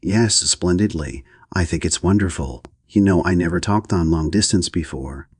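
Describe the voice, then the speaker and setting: A man's voice: low voice, moderate pace, darkish tone, husky, no room sound, studio quality. A man voicing a cheerful, carefree young woman who answers blithely. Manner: blithe, chirpy.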